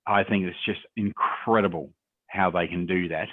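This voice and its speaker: A native English-speaking man, low-pitched with fairly even intonation and a normal speed, appears as a guest on a video call for a webinar Q&A. He offers conversational, encouraging advice on public speaking and answers questions reflectively. The audio is dry, tinny, and phone-like.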